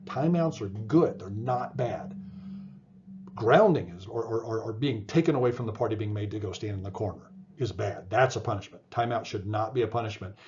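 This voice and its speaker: A man's voice: on the low side, normal speed, a little mellow, dull audio, a little hiss or hum. A man giving a conversational psychology lecture, explaining with everyday examples and often checking in with "right?". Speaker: psychology instructor.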